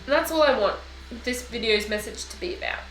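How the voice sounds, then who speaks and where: A young woman recording a personal video diary, speaking in an emotional, halting way while tearful. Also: fairly high pitch, a bit bright. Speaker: vlogger. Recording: echoey room with faint music.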